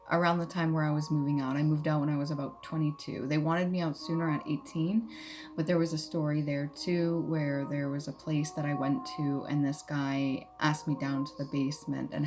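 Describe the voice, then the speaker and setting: A woman's voice: low-pitched, a little mellow, slight background noise. A young adult woman telling a personal story casually, blunt and candid, swearing freely. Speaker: vlogger. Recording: music playing behind.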